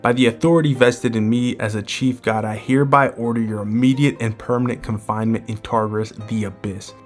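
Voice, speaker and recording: A man's voice: medium pitch, fairly even intonation, brisk, faint music behind, close to an everyday voice. A man reading the lines of a stern, scheming old male chief god, who speaks in cold, commanding pronouncements.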